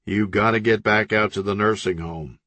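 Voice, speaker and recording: A man doing a gruff, impatient crime boss. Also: fairly low pitch, fairly even intonation, moderate pace, pushed and bright, no echo. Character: blunt irritable male crime boss.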